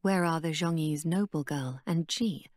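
Woman reading a hard, grieving middle-aged woman warrior; low, clipped, grim. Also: moderate pace, a little mellow, no room sound, studio quality. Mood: frowning.

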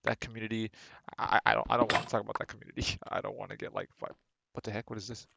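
A man's voice: fairly low pitch, fairly even intonation, very fast, gravelly, background noise. A young man streaming a game live, rambling casually to himself and his chat, often restarting his sentences, on a desk microphone at home. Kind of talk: casual live gameplay commentary. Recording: game music under the voice.

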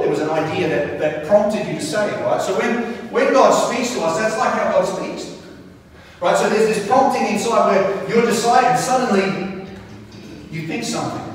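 Male pastor, animated storyteller, distant mic, faint hiss in a big room. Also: sits high, heavy reverb, long reverb tail. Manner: animated storytelling with frequent restarts. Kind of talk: sermon. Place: large church hall.

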